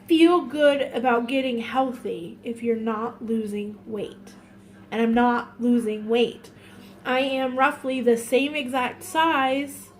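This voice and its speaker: A high-pitched woman vlogger opens up on camera, her words halting and tearful. She keeps circling back and repeating herself in this confessional, emotional video.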